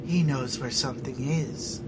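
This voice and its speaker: A man reading the part of a sharp, shrewd female faction leader in a cool, cutting tone. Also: medium pitch, unhurried, very noisy, close to an everyday voice.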